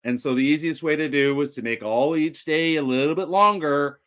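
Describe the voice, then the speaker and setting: Blunt, animated male radio guest. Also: on the high side, brisk. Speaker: sports beat writer guest; teacher and parent.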